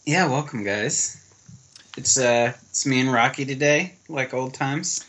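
A man's voice: medium pitch, a little slow, a bit bright. A young American man co-hosting a casual podcast, chatting in a laid-back, rambling way with lots of fillers. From United States. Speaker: podcast co-host. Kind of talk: casual chat. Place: living in Germany.

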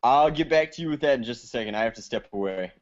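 A man's voice: lively intonation, quick pace, highs cut off. A man guest on a podcast, telling stories from his past in casual chat and acting out the people he quotes. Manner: storytelling, acts out quotes in high voices.

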